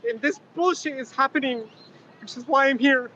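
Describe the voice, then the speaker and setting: A man's voice: extremely high pitch, moderate pace, sharp tone. A tearful man counter-protesting outdoors, venting in an angry, swearing outburst. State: tearful, emotional. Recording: dull, noisy outdoor camera audio.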